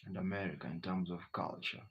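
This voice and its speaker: Husky-voiced man chatting on a livestream. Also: low voice, steady tone, fairly quick, fairly bright tone. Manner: chatty, reads out viewer comments, frequent "you know". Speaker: livestream host. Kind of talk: casual live-stream chat with viewers. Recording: dull lo-fi stream audio.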